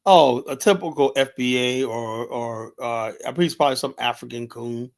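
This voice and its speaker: A man's voice: mid-range voice, moderate pace, gravelly. Blunt, profane middle-aged man ranting. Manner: profane, rambling, leans on "you know"; blunt and heated. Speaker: livestream host. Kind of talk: unscripted livestream commentary.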